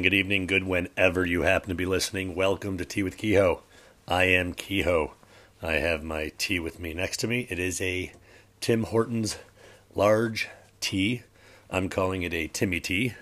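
Middle-aged guy with a really low voice, rambling podcast chat, keeps correcting himself. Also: a bit bright. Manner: rambling, self-correcting, chatty. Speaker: podcast host. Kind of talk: casual solo chat.

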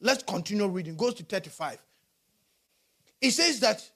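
Animated high-voiced male preacher. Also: moderate pace, long pauses. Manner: animated preaching, rising to shouts. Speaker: pastor. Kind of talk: sermon.

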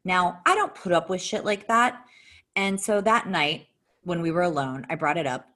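A woman telling a personal story in casual talk, blunt and profane, her voice jumping sharply in pitch. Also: normal speed. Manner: animated, with sharp jumps in pitch.

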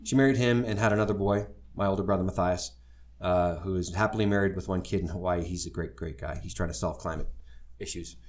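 Speaking fast in a low voice, a middle-aged man tells a live audience about his life. His manner is wry and self-deprecating, candid throughout, and he livens up whenever he quotes someone.

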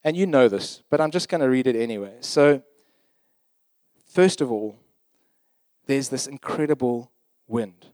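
A man's voice: medium pitch, expressive, unhurried, long pauses, a little mellow, dry recording. Conversational male preacher, dry sound. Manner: conversational and emphatic, often checking in with "right?". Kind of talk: sermon.

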